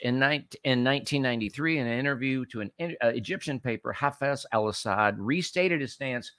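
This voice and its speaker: A man hosting a talk program, reading scripture and preaching commentary in an emphatic way, often restarting and repeating words and slowing down to stress key phrases. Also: medium pitch, fairly bright tone, no room sound, studio quality. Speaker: host of a political talk show.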